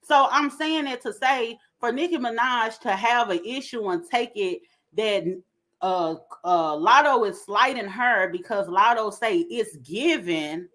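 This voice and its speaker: A woman giving an animated, opinionated commentary rant with lots of slang. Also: fairly high pitch. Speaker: commentary vlogger.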